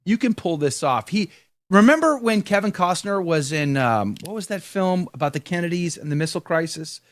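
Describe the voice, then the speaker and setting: A man's voice: high voice, normal speed. A man co-hosting a live talk show in casual chat, joking and reading viewer comments aloud. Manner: animated, jokey, reads viewer comments aloud.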